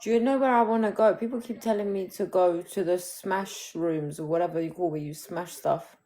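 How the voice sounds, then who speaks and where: Grieving woman, low-voiced and halting. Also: steady tone, heavy background noise. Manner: open and emotional, halting restarts. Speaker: livestream host. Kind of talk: candid live chat. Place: home. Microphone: phone.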